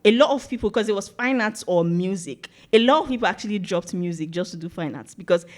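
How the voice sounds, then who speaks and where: A young Nigerian woman with a Nigerian accent, a podcast guest telling stories in casual chat, animated and laughing often. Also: medium pitch, fast. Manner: animated storytelling with frequent laughs.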